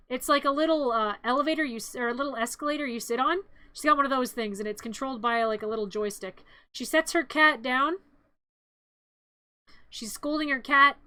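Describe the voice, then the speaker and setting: A woman streamer giving a comedic movie recap, playful, jumping into loud excited outbursts. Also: sits high, no echo.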